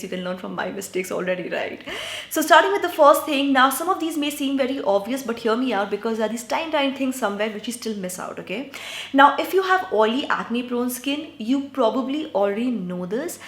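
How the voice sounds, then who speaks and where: A woman's voice: on the high side, a bit bright. A woman from India giving skincare advice in a chatty vlog, often checking in with "right?" and addressing her viewers as guys. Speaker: beauty vlogger. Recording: echoey room.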